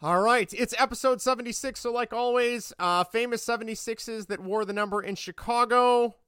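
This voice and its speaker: A young man runs his sports podcast in a loose, rambling chat, laughing easily. His voice is bright and crisp, a touch high, and recorded dry and close to the mic. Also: dry recording. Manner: chatty, rambling, quick to laugh. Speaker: podcast host.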